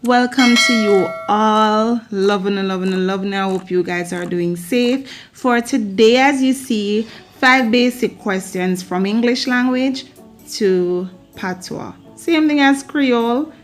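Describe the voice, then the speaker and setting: A Jamaican woman vlogger giving a casual language lesson, repeating phrases slowly and playfully for learners. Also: fairly high pitch, faint music behind. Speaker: vlogger teaching Patois.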